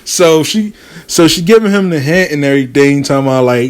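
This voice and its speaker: A man telling a story casually, animated and profane, acting out the people he quotes. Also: a little high, fairly quick.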